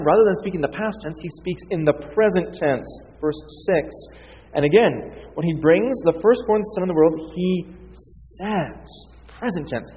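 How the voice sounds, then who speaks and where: A man's voice: on the high side, darkish tone, a little hiss or hum. A man preaching a teaching sermon, reading scripture aloud with emphasis. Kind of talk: expository sermon. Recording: dull, reverberant hall sound.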